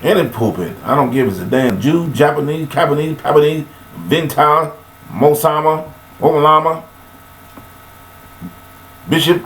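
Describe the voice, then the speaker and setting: Gravelly man preaching in an echoey room. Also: a little hiss or hum. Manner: preachy, rambling, with sudden high-pitched emphatic outbursts. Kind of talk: rambling spoken monologue on faith and forgiveness. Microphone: webcam.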